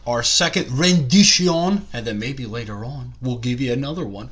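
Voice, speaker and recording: A man's voice: medium pitch, moderate pace, a bit bright, breathy edge. Crude rambling male podcast host. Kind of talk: casual comedic podcast chat.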